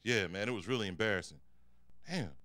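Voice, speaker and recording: A man's voice: fairly low pitch, fairly quick, sharp tone, voice pushed down. A man voicing his exasperated grown friend in a stand-up story, lecturing him about cussing.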